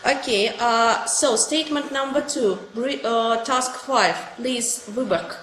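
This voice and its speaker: A woman's voice: a little high, slow pace, a bit bright. A woman teaching an English class, calling on students one by one and taking each task step by step. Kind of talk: online class instruction. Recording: roomy with faint noise.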